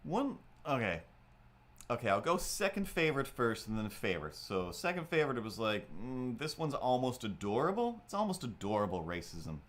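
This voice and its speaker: A man's voice: mid-range voice, big pitch swings, normal speed. A man hosting a livestream, chatting casually and rambling as he draws, with lots of filler words. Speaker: livestream host. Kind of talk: casual chat while drawing on a livestream.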